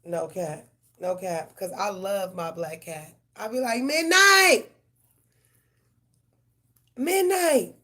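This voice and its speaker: A woman's voice: fairly low pitch, measured pace, darkish tone. Chatty, slangy woman live-streaming. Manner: loose, profane, chatty storytelling with slang; addresses viewers directly. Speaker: tarot reader hosting a live stream. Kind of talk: casual live-stream chat.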